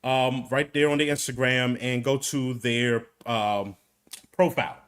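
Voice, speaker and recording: A man's voice: medium pitch, steady tone, unhurried, fairly bright tone, clear, resonant tone. A man co-hosting a talk show, chatting casually and joking with his co-host, with playful churchy asides. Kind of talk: casual chat.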